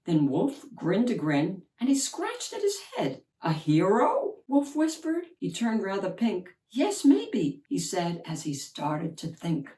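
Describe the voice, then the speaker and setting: A woman reading a children's picture book aloud with an expressive, rhyming delivery. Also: mid-range voice, measured pace, few pauses, far from the mic. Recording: roomy echo, mic set back.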